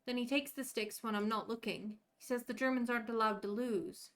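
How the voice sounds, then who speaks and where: A woman's voice: on the high side, fairly even intonation, fairly quick, fairly bright tone. A woman voicing a sulky, hurt young Danish boy with a whiny, complaining manner in a story game.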